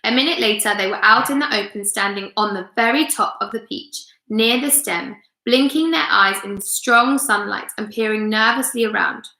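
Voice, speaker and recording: A woman teacher reading a children's book aloud on a livestream, expressive and clear. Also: medium pitch, moderate pace, hardly any pauses, echoey room, poor audio. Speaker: primary school teacher.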